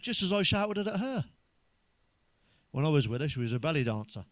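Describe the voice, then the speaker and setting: An English man with a fairly high speaking voice fires off crude, sweary one-liners as a stand-up comic. The sound is close and dry, with no room around it. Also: sing-song, fairly quick, a bit bright, no echo. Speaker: stand-up comedian. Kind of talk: stand-up joke routine.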